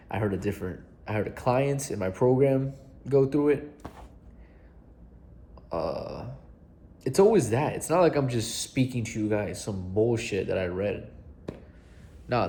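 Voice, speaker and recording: A man's voice: mid-range voice, warm tone. A young adult man coaching viewers in a casual vlog, earnest and blunt, swearing casually and repeating himself for emphasis. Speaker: self-help coach.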